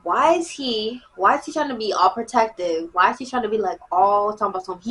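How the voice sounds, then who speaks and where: With a mid-range voice, a teenage vlogger races through her story with few pauses. Her telling is lively and slangy, full of repetition and acted-out quotes from the people involved.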